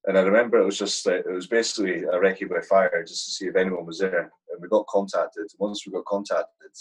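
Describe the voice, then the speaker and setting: Husky low-voiced british army vet, swears constantly, telling war stories to a mate. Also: male voice, fairly even intonation, fairly quick, poor audio. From Britain. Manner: swears a lot, vivid war storytelling. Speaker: army veteran guest. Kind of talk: casual chat.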